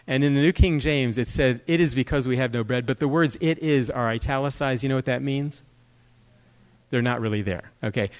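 Joking man preaching a sermon. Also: on the high side. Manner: joking, conversational, animated storyteller. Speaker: guest speaker. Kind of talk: sermon with humor.

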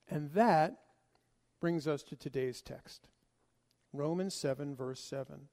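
A man's voice: a little high, takes it slowly, pauses often, a little mellow, long reverb tail. A man preaching an expository sermon, emphatic and full of rhetorical questions he answers himself.

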